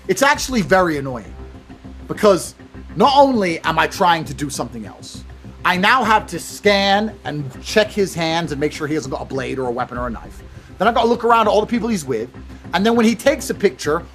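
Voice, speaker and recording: Brief: brash man, high, lively voice, ranting and cursing, faint music behind. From England. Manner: blunt, swearing, acts out both sides of exchanges. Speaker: motivational speaker. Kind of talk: profane storytelling rant.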